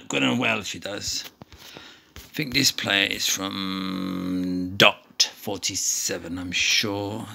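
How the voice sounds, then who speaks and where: A man chatting his way through a mobile game, playful and prone to tangents. His voice is deeply gravelly, with a bright, forceful edge, and sits a little low. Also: slight background noise, poor audio. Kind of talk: rambling gameplay commentary.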